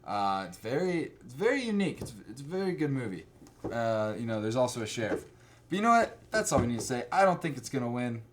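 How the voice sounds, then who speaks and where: A man hosting a casual chat, talking in an animated, rambling way. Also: medium pitch, fast talker, slight background noise. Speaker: host.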